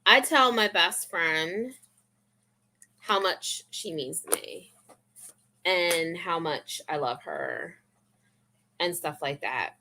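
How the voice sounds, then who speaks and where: A woman's voice: on the low side, sing-song, takes it slowly, long pauses, noisy background. A young woman vlogger in casual, rambling, confessional chat full of fillers.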